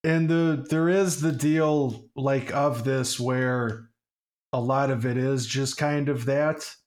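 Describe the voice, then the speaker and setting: A man's voice: medium pitch, steady tone, slow pace, darkish tone. A man co-hosting a podcast, chatting casually with wry, self-mocking humor. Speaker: podcast co-host. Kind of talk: casual chat.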